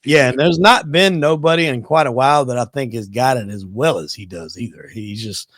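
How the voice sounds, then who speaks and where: A man's voice: mid-range voice, fairly quick, a bit bright, no echo, clean studio sound. A man hosting a podcast, laid-back and profane, rambling in casual chat. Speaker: podcast host.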